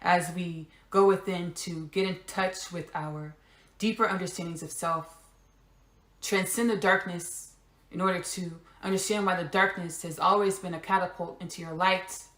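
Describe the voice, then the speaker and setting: A woman's voice: lowish voice, steady tone, moderate pace, a bit bright, echoey room. A woman hosting a spiritual podcast monologue, repeating key phrases with emphasis and dropping casual asides. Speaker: podcast host.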